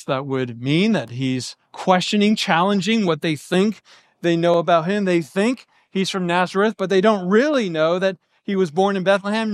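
High-voiced man teaching scripture. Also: no echo. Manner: explanatory, lays out options step by step. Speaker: Bible teacher. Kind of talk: verse-by-verse Bible teaching.

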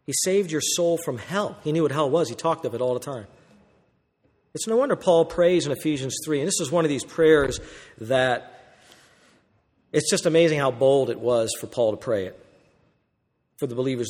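A man preaching a sermon as pastor, asking rhetorical questions and acting out quoted voices with lively swings from loud to hushed. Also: medium pitch, normal speed, pauses often. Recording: long reverb of a church hall.

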